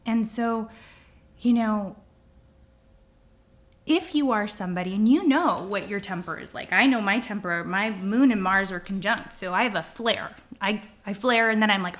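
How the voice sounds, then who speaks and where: A middle-aged woman astrologer giving a casual spoken forecast, lively, now and then dropping into whispers to act out feelings. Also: mid-range voice, normal speed. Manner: animated, acts out quoted feelings with sudden whispers.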